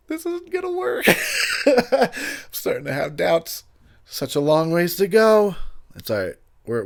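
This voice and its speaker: A tipsy man talks over a film in a loose, rambling commentary. He laughs often and lets his sentences trail and restart. His pitch leaps up when he jokes. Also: vocal fry. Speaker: movie commentary host. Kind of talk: casual drunken movie commentary.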